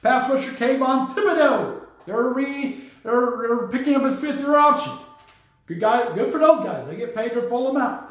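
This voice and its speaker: High-voiced man in a very echoey room. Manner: rambling, jokey, acts out teams and players in quick put-on quotes. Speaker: podcast host. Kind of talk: casual solo sports commentary.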